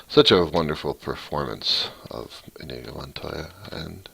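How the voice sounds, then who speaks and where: A man with an extremely low, gravelly voice talks through code in a casual walkthrough. He speaks slowly and thinks aloud, reading out each line as he types. He rambles and restarts often. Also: fairly bright tone, slight background noise. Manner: thinks aloud, reads code out while typing. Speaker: hobbyist programmer.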